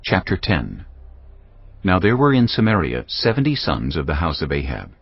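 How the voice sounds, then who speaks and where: Narrator, man, very deep and gravelly, dramatic and measured scripture reading. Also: wildly swooping pitch, no room sound. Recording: dull lo-fi with background music.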